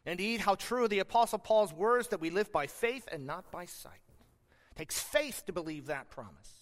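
A man preaching a sermon as pastor, earnest and emphatic, with slow deliberate pauses. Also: sits high, lively intonation, in a large hall.

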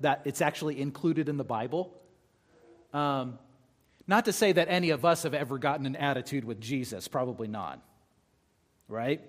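A man preaching a sermon as pastor, talking conversationally and reading scripture aloud between his points. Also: mid-range voice.

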